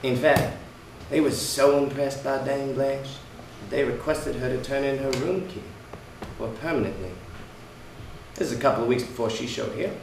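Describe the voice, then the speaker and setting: An actor playing a brash, mocking working-class husband who taunts and bullies, in an amateur stage play. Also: male voice, mid-range voice, normal speed, creaky, noisy background, natural voice. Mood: sneering. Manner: sneering, taunting, forceful. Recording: echoey room, distant mic.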